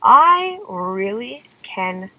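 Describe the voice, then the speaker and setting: A woman's voice: a little high, very animated, slow pace, lo-fi sound, noisy background. A young woman singer telling a personal story in a dramatic, exasperated way, often saying "like" and "okay?". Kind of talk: confessional storytelling vlog.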